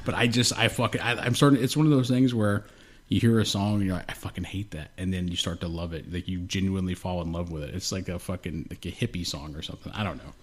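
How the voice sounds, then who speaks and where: A man's voice: deep voice, fairly even intonation, quick pace. A young man co-hosting a podcast, telling rambling stories in casual, heavily profane chat. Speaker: podcast co-host.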